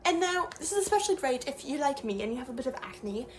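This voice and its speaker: A young comedy creator improvises as a pompous fake female academic teaching meditation, talking fast with big pitch swings in a high voice. She rambles mock-seriously through fillers and unfinished sentences, with a faint hum of noise underneath.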